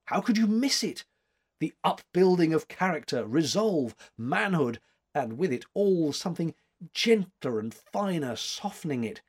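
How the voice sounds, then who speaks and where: A brisk, imperious old woman critic fires off curt questions, put on by a man reading a storybook aloud. Her lines swing lively and high, with a husky grain to the voice. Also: heavily acted. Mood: brisk commanding. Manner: curt, commanding, searching questions. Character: sharp, imperious elderly woman art critic.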